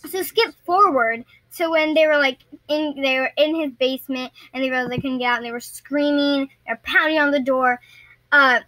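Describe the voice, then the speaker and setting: High, bright young woman vlogger. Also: steady tone, normal speed, no echo, poor audio. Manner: rambling, stumbles and restarts often. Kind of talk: casual storytelling to camera.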